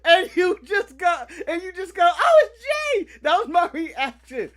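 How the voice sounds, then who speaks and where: An American man co-hosting a casual podcast, retelling events excitedly, laughing and shouting out quotes. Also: extremely high pitch, normal speed. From United States. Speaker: co-host.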